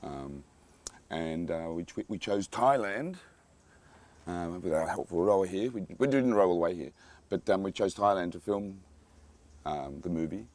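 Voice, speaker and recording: A man's voice: low voice, lively intonation, a little slow, long pauses, darkish tone. A man directing a film, interviewed on set, talking casually and enthusiastically with many repeated starts and fillers. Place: film location in a tropical cave.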